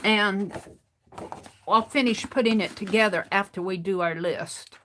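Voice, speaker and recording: A woman's voice: mid-range voice, unhurried, bright, forceful tone, a little hiss or hum. A woman art streamer rambling through a story as she crafts, chatty and full of restarts. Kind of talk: casual storytelling while crafting.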